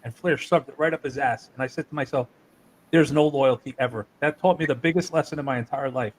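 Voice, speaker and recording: A man who runs wrestling shows, from New Jersey, telling animated, profane stories in a casual interview. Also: mid-range voice, fast, poor audio. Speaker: wrestling promoter.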